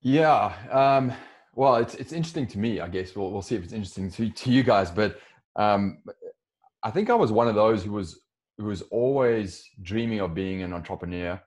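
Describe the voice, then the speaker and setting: Speaking at a moderate pace, a South African man in his forties talks about his career as a guest on a podcast, often restarting and using fillers. His lowish voice has a darkish tone and lively intonation. He co-founded a software company, and the interview is casual.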